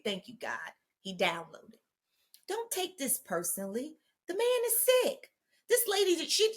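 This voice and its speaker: Woman podcast host, slightly high voice, warm family-style address, casual motivational talk. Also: husky. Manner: chatty, calls listeners "family"; drops to a hushed voice for emphasis. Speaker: mental health podcast host.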